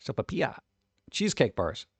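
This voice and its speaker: Lively gravelly-voiced man rambling and joking. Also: medium pitch, no echo. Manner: rambling, joking, puts on quick voices for bits. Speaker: streamer. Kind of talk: casual reaction chat.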